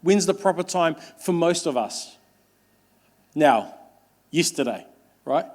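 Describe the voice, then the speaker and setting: A young man with a high, light voice preaches earnestly, leaning into repeated phrases and emphatic beats. He restarts his words often as he builds his point. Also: expressive, slow pace, a little mellow. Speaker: pastor. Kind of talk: sermon.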